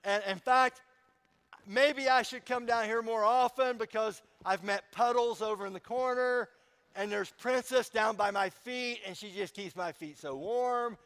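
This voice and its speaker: A man's voice: high-pitched, fairly bright tone, big-room sound. A man voicing a smug, smart-aleck male prophet who gushes sarcastically to a king. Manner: breezy, sarcastic, gushing.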